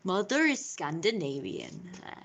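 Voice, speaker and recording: A woman's voice: fairly low pitch, huge pitch swings, a little slow, vocal fry, a bit bright. A woman live streaming in a playful, theatrical persona, slipping in and out of put-on accents and dropping into whispered asides.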